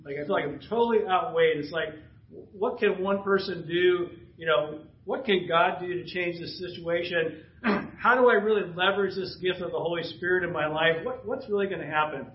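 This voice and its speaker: A man preaching a sermon and reading scripture aloud, clearing his throat often and dropping casual asides between passages. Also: sits high, normal speed, reverberant, muffled recording. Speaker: pastor. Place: church sanctuary.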